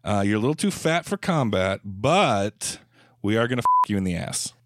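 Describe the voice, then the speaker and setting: A man doing a halting, awkward militant. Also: on the low side, very animated, a bit bright, no room sound, clean studio sound. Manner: halting, full of ums. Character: bumbling male militant, awkward and hesitant.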